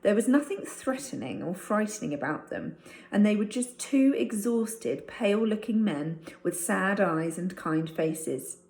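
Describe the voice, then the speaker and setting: A woman's voice: mid-range voice, expressive, a little slow, vocal fry, a little mellow. A woman teacher reading a chapter of a storybook aloud to her class. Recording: roomy echo.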